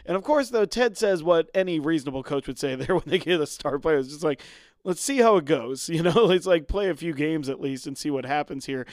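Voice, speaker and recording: Man, casual podcast co-host, chuckling recaps, dry close sound, smooth resonant voice. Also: a little high, animated, brisk, hardly any pauses, a little mellow, no room sound. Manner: chuckles often while retelling scenes. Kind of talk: casual chat recapping a TV episode.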